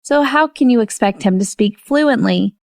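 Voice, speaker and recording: A woman voicing a young mother who scolds briskly in a raised voice. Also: on the high side, expressive, darkish tone, dry recording, clean studio sound, pitched above the performer's own voice. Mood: exasperated.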